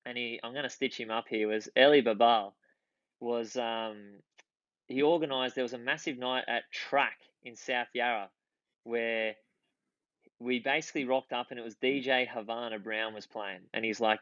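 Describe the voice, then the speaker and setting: A man's voice: mid-range voice, steady tone, moderate pace, a bit bright, dry recording, lo-fi sound. A man in his thirties with an Australian accent, a podcast guest chatting casually and telling rambling anecdotes full of restarts. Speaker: podcast guest, former footballer. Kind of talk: casual chat, storytelling.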